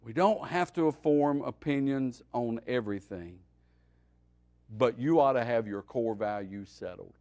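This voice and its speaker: A man, a pastor, teaching a Bible study in a folksy, animated preaching style that swings between loud and quiet. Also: medium pitch, a little slow.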